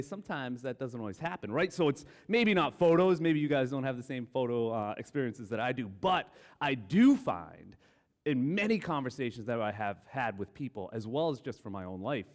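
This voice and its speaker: Guy preaching casual and self-deprecating, voice jumps up and down a lot, long echo like a church hall. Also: medium pitch. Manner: candid, self-deprecating, storytelling. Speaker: guest preacher. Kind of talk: conversational sermon. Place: church sanctuary.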